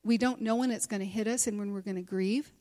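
A woman's voice: medium pitch, steady tone, quick pace, warm tone. A middle-aged woman speaking candidly to a women's gathering, sharing a personal testimony in a conversational way with many fillers. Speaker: conference speaker and teacher.

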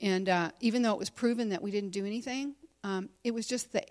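A woman's voice: medium pitch, fast talker, a little mellow. Candid middle-aged woman giving a testimony. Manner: candid and conversational, with many fillers. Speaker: conference speaker and teacher. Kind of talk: personal testimony talk.

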